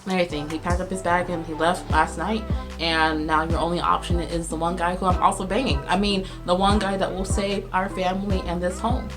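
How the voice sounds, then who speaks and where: A woman, recapping a movie on her channel in a sarcastic, animated way. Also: fairly low pitch, brisk, music in the background. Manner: sarcastic, animated, laughs at her own jokes. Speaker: video host reviewing a movie. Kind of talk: casual comedic movie recap.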